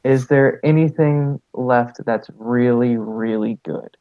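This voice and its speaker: An excitable man playing a tabletop game, stammering and swearing as he jokes. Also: mid-range voice, takes it slowly, no echo, highs cut off. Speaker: player. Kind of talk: casual tabletop game chat.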